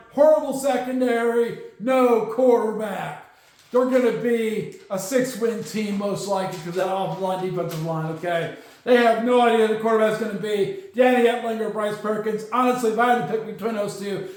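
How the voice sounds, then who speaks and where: A man hosting a solo sports podcast, ranting his opinions and tagging points with "okay?". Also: extremely high pitch. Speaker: podcast host. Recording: very echoey room.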